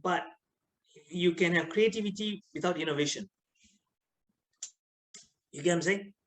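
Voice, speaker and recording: A middle-aged man with a Malaysian English accent gives an online lecture to students in a lively, teasing style, frequently throwing questions at them. His voice sits high and he speaks at a moderate pace. The recording is rough.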